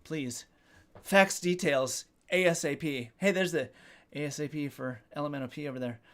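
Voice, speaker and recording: Male streamer in his thirties, slightly high pitch, loose jokey chat with viewers. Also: moderate pace, a bit bright. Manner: joking, self-deprecating, swears casually. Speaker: livestream host. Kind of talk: casual live-stream chat reading comments.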